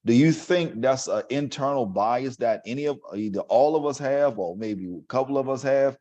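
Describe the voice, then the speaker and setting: A man in a mid-range voice hosts a conversation, asking reflective questions at a measured pace. The audio is slightly dull and lo-fi. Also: medium pitch, dark tone. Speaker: host. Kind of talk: talk show conversation.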